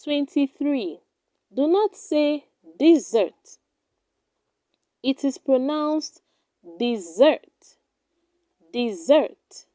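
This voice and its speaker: A woman teaching English pronunciation in a scripted lesson, deliberately saying each word twice and then using it in an example sentence. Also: sits high, lively intonation, mellow, dry recording.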